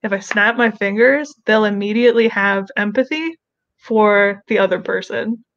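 A woman's voice: medium pitch, fairly bright tone, dry recording, muffled recording. A woman co-hosting a podcast in casual chat, playful and joking. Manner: playful, joking, quick to laugh. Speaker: podcast co-host.

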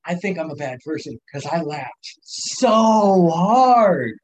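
A man's voice: a little high, big pitch swings, slow, no room sound, low-quality recording. A young man casually telling rambling, profane stories on a podcast, laughing often as he talks. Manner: rambling storyteller, laughs a lot, lots of swearing. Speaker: podcast guest. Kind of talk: casual chat.

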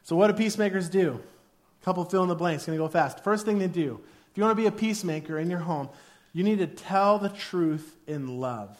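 A man's voice: high-pitched, brisk. A man preaching a sermon, in a casual, jokey way, who acts out quoted arguments in a raised voice. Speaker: pastor.

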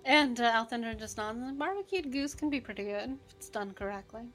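A woman's voice: on the high side, brisk, a bit bright, soft background music. A woman narrating as game master of a tabletop game, rambling with many fillers.

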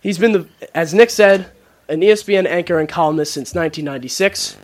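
A man's voice: fairly high pitch, fast. A young man hosting a student podcast, reading an upbeat intro and stumbling a little. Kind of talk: casual podcast interview.

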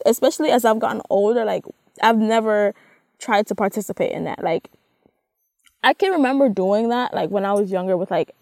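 Young adult woman, casual podcast talker; frank and profane, warm-toned voice, dry recording. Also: medium pitch, dry recording. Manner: blunt, profane, animated with frequent laughter. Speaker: podcast co-host. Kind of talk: casual chat.

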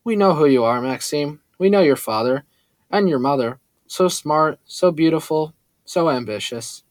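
A man reading a cold, condescending villain in a suit, calm and menacing. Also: on the high side, normal speed, dry recording, natural voice.

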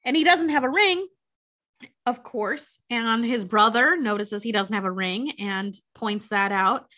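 A woman's voice: fairly high pitch, a little slow, pushed and bright. A woman in casual chat, retelling a story with frequent swearing and acted-out quotes. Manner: chatty, swears freely, acts out quotes. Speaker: podcast co-host recapping a film.

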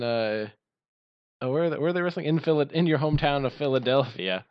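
A man of middle pitch trading quick sarcastic quips in a casual podcast chat. His voice is smooth and resonant, but the recording is dull, lo-fi and very dry. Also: animated, no echo. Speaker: podcast co-host.

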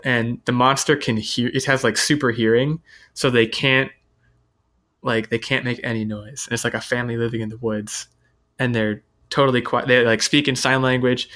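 A man hosting a casual chat, running through upcoming movies from an article with a relaxed delivery full of fillers. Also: mid-range voice. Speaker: host.

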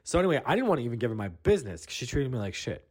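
A man's voice: mid-range voice, very animated, racing, darkish tone, husky. A young man hosting a comedy podcast, telling a rambling, profane story full of restarts and "you know what I mean".

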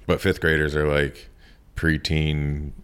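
A man in his thirties, a tattoo artist, telling a profane, animated story in a casual interview. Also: a bass voice, takes it slowly, clean tone.

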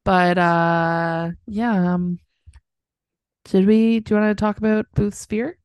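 A woman's voice: mid-range voice, steady tone, slow, darkish tone, clear, resonant tone, no room sound. A woman co-hosting a casual podcast, easygoing and joking while recapping a TV episode. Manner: easygoing, laughs often, dad jokes. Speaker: podcast co-host.

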